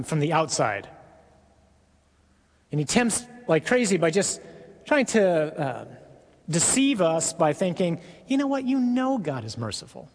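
Male preacher, earnest sermon, husky voice, long reverb. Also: fairly high pitch. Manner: earnest, emphatic, with pauses.

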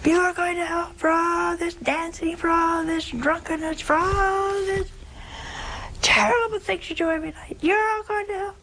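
A fiery old village priest, preaching hellfire in a shrill, wailing voice that jumps far above the speaker's usual register and pushes louder, as a woman puts him on. Each line lands as a scolding cry at the crowd. A faint hum sits underneath. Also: level tone, normal speed, exaggerated voice. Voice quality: high-pitched, wailing.

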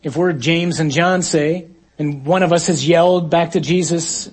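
A man preaching a reflective sermon at an evening gathering, swinging between quiet musing and dramatic loud bursts. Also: a little high, steady tone, moderate pace, slightly rough.

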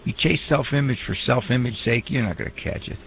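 A man hosting a radio talk show, speaking in a lively, folksy way with joking asides. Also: medium pitch, a little fast, gravelly, slight background noise, rough recording. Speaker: radio host and psychologist.

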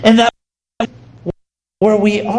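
A male associate pastor, telling a story in a sermon with lively swings in pitch. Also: slow pace, a little hiss or hum. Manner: animated, swings pitch for emphasis. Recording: echoey hall reverb.

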